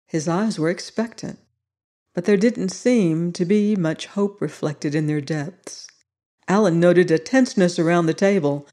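A narrator reading a science fiction story aloud in a measured storytelling manner. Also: medium pitch, mellow.

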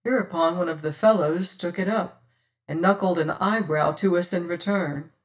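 A narrator reading a first-person period adventure novel in a measured, old-fashioned storytelling manner, heard from a distant mic. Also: mid-range voice. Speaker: audiobook narrator.

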